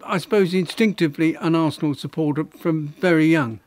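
This retired architect from London, in his nineties or beyond, is being interviewed about his past. He speaks at a fairly high pitch, pausing and restarting often, with plenty of fillers as he reflects.

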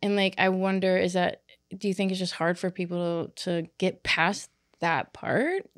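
A woman's voice: lowish voice, normal speed, no room sound, studio quality. A woman stand-up comic from Wisconsin, a guest in casual chat, rambling and hedging as she circles around her questions.

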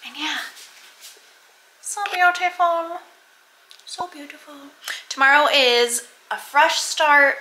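A young woman chatting casually in a home vlog, sometimes cooing at her dog in a high baby voice. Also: pushed and bright. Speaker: vlogger. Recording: faint household noise.

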